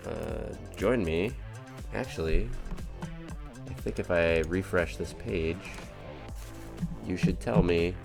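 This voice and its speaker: A man's voice: deep voice, slow, creaky, long pauses, over music. A man streaming a racing game live, chatting casually to viewers in a rambling, upbeat, self-mocking way. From United States.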